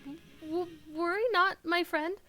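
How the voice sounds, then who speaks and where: A woman's voice: extremely high pitch, fairly even intonation, measured pace, pushed and bright, soft background music, voice pushed up, full character voice. A woman voicing an anxious official who stammers and hesitates.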